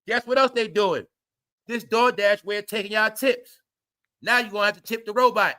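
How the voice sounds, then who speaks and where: A man's voice: high voice, moderate pace, pushed and bright. A man ranting to his viewers in a blunt, preachy commentary monologue, swearing freely and repeating himself. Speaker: commentary vlogger.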